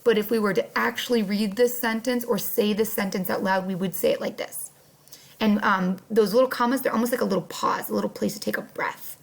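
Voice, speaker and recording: Creaky-voiced woman teaching first graders. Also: medium pitch, fairly even intonation. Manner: slow, clear teacher talk with playful emphasis. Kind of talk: online classroom lesson.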